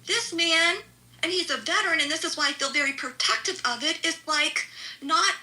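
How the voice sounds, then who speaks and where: Angry, high, bright-voiced woman. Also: fairly quick, low-quality recording. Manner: angry, profane, sarcastic mimicry of others. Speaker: live audio room participant. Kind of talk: heated callout in an audio chat room.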